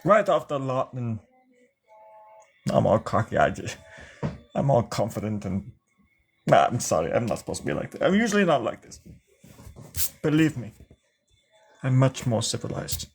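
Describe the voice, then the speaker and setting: Gravelly-voiced man rambling playfully. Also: mid-range voice, big pitch swings, normal speed, pauses often. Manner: rambling, playful, slips into mock newscaster and boss bits. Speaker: live streamer drawing. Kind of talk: casual improvised banter.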